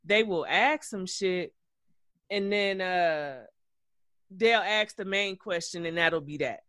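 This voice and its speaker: A man co-hosting a podcast, recapping reality TV in an animated, gossipy way with plenty of cursing. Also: high-pitched, slow, dry recording, clean studio sound. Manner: animated, gossipy, profane storytelling. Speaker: podcast co-host. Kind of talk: casual reality-TV recap chat.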